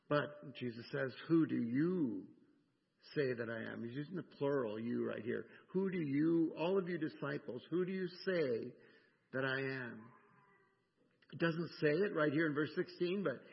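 An older American pastor preaches a sermon, explaining scripture emphatically and repeating words. His voice is on the high side with some vocal fry. The recording sounds dull, with a long reverb from the hall.

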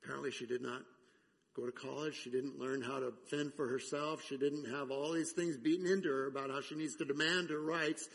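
A man preaching a sermon in a conversational way, pausing to reflect on the scripture. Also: mid-range voice, fairly even intonation, creaky, a bit bright, breathy edge, in a large hall. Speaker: pastor.

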